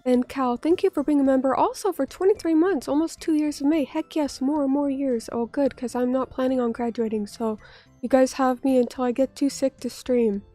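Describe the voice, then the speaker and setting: High, mellow-voiced woman streamer, still sick. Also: brisk, faint music behind. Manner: chatty, self-deprecating, swears casually. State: still sick, recovering from illness. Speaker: vtuber streamer. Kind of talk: casual livestream chat, reading viewer comments aloud.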